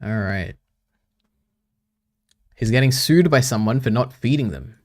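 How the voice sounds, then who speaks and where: A man's voice: mid-range voice, expressive, a little slow. A man streaming casually, reading his chat aloud and bantering back with frequent chuckles.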